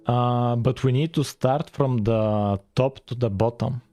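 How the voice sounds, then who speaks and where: Rambling man with a mellow voice, French-tinged accent. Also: medium pitch, steady tone, unhurried, faint music behind. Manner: rambling, filler-heavy, chats with viewers. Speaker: game-dev streamer. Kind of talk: casual live-stream chat while coding.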